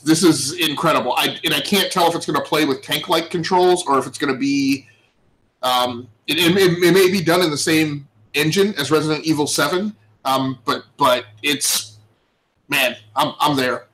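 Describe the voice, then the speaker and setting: A man co-hosting a gaming podcast in casual chat, excited and full of stammering restarts. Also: a little high, normal speed, low-quality recording. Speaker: podcast co-host.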